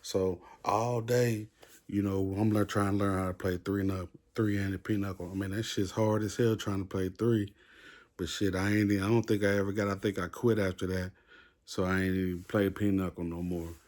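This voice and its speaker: A man's voice: deep voice, flat delivery, normal speed. A man casually telling a rambling story full of slang and fillers. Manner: laid-back, rambling, heavy with fillers and slang; acts out the other inmates' shouting.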